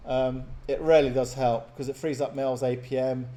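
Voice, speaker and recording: A man giving chatty, excitable live commentary on a strategy game match, often laughing. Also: mid-range voice, normal speed. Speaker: game caster.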